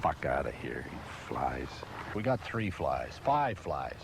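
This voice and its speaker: A man's voice: rumbling low, sing-song, takes it slowly, noisy background. A man presenting an industrial film, swearing constantly and exasperated as he keeps forgetting his lines on a hot studio set. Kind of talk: blown takes and outtakes on a film shoot. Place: hot studio set beside a car under bright lights.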